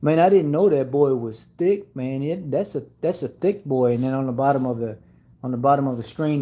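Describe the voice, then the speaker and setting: A man's voice: medium pitch, a little fast, mellow. A man hosting a casual car-channel live stream, rambling with fillers and restarts.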